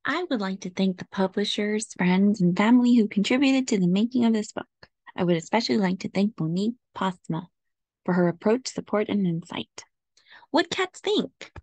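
A woman reading a picture book aloud slowly and carefully, close to the mic. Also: medium pitch, darkish tone, dry recording. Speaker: storybook reader.

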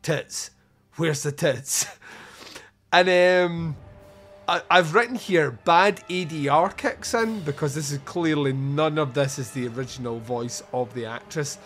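A man with a fairly high voice hosts a podcast and chats about a film. He is animated and crude, laughing as he goes. Faint music plays underneath. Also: unhurried. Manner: animated, swearing, laughs often. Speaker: podcast host. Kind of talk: casual film review chat.

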